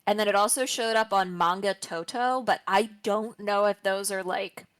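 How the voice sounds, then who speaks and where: A woman's voice: mid-range voice, clear, resonant tone, no echo. Playful woman on a dry-sounding podcast mic. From Italian heritage. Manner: playful, storytelling, quick quips. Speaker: podcast co-host. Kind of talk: casual podcast chat.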